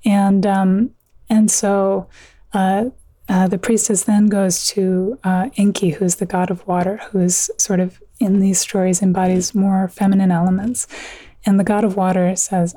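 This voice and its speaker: A woman author telling an old myth in a conversation, earnest and vivid, with quick asides. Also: mid-range voice, steady tone, mellow, dry recording. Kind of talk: conversational storytelling.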